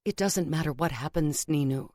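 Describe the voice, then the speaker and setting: A woman's voice: deep voice, normal speed, darkish tone, dry recording, studio quality. A woman voicing a blunt, stubborn young woman who is the elder sister.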